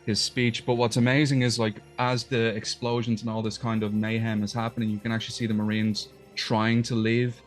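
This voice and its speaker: A man's voice: mid-range voice, little pitch movement, fairly quick, few pauses, soft background music. A male podcast co-host casually retelling game scenes in loose, rambling detail. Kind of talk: casual game retrospective chat.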